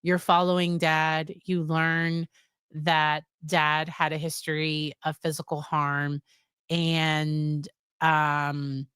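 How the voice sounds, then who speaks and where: A woman's voice: low voice, flat delivery, takes it slowly, a bit bright, clear, resonant tone, dry recording, studio quality. An American woman psychologist casually recapping a series, chatty, with fillers and quoted lines. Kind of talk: casual spoken review.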